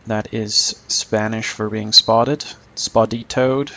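A man's voice: mid-range voice, measured pace. Joking man commentating a tank game. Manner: joking, self-mocking, chuckles often. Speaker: gameplay commentator.

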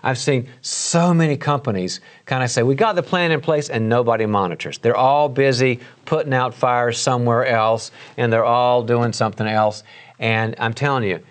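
A middle-aged man giving a leadership lecture at a university, lively and conversational, acting out bits of meeting dialogue and often restarting his sentences. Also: mid-range voice, normal speed. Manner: animated, acts out meeting dialogue with frequent restarts. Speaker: guest lecturer.

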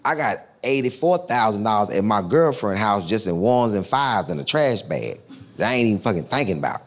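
A male comedian from Texas telling a profane, animated stand-up story. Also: mid-range voice.

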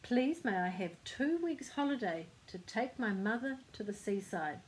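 A woman's voice: medium pitch, animated, normal speed, close to an everyday voice. An older woman voicing a timid, respectable little man who pleads eagerly in a storybook reading. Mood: earnest.

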